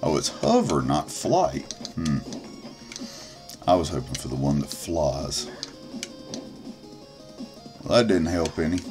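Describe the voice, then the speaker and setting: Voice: very deep voice, big pitch swings, slow, long pauses, music in the background. A let's player giving gameplay commentary, swearing and grumbling at the game as they go. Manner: profane, grumbling running commentary. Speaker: let's play gamer.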